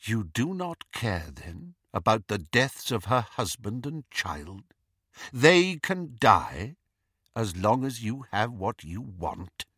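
Old headmaster, cool and probing, voiced by a man narrator; slow, bright-toned, dry audiobook read. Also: fairly low pitch, sing-song, husky, dry recording, exaggerated voice. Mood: cold. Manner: measured, cool and deliberate. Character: old wizard headmaster, calm, cold, probing. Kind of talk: audiobook character reading.

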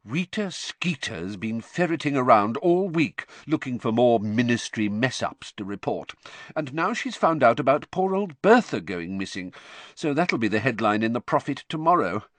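A man's voice: medium pitch, very animated, normal speed, fairly bright tone, no room sound, voice pushed up. A man doing a weary, irritable father. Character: exhausted middle-aged father, ministry worker.

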